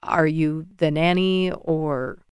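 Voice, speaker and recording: A woman's voice: low voice, steady tone, takes it slowly, darkish tone, clean tone, no room sound, studio quality, pitched below the performer's own voice. A woman voicing a cool, clipped single dad. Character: curt guarded adult man, cool-toned single dad.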